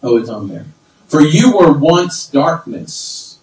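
Middle-aged male pastor, high-pitched, fervent preaching style, echoey hall, distant mic. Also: big pitch swings, takes it slowly. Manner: fervent preaching, swinging from low asides to loud high exclamations. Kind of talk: sermon. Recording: roomy sound from far off.

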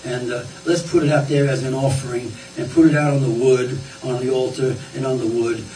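A man's voice: medium pitch, fairly even intonation, brisk, mellow, close to an everyday voice. A man voicing a bold old male prophet, folksy and challenging, in a sermon retelling. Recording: roomy, distant, faint ambience.

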